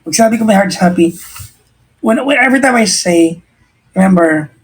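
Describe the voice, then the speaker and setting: Husky Filipino man, earnest host. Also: high-pitched, lively intonation, a little fast, rough recording. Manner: earnest and reflective, mixing English and Tagalog, frequent restarts. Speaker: radio host answering a listener. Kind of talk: casual livestream chat, giving life advice.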